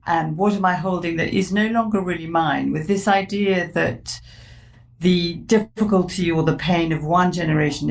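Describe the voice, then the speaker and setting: A woman with a fairly low voice speaks in a measured, reflective way. She is a psychotherapist discussing ideas in a warm conversation and laughs easily. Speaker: psychotherapist and author guest.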